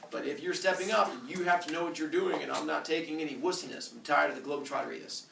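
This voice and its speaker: A man's voice: fairly high pitch, fast, gravelly, noisy background. A man teaching a middle school class, joking and teasing his students as he goes. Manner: playful, teasing. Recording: echoey classroom from far off.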